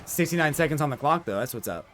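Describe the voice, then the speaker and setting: A man's voice: on the high side, lively intonation, quick pace, a bit bright. A man streaming a fighting game, muttering casual live commentary and swearing at the game.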